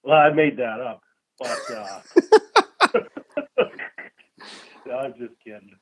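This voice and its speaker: A man calling in to a radio show, chatting in a goofy, jokey way with bursts of loud laughter. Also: mid-range voice, huge pitch swings, slow pace. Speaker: caller. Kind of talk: casual call-in chat. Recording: tinny phone line.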